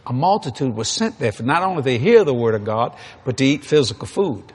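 A man's voice: mid-range voice, very animated, fairly quick, husky. A man preaching a sermon, telling folksy stories in an emphatic way.

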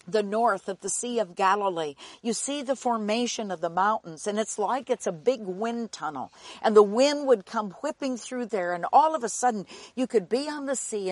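Slow, dramatic woman preacher. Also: a little high, no echo. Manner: dramatic, swinging from loud emphasis to near-whispers. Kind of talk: sermon.

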